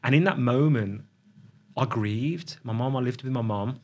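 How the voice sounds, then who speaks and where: A middle-aged man telling a personal story as a podcast guest, reflective and halting, often restarting his sentences. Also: medium pitch, a little mellow.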